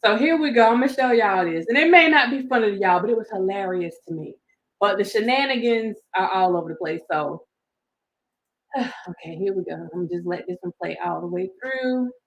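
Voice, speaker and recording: A woman's voice: medium pitch, animated, normal speed. A woman giving a laughing, playful casual commentary to her viewers. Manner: laughing, playful Southern-style slang. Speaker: commentary vlogger.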